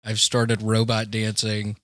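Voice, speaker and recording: A man from Tennessee chatting casually on a podcast, making goofy deadpan jokes and laughing easily. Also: fairly low pitch, slow pace, no echo, studio quality. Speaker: comedian guest.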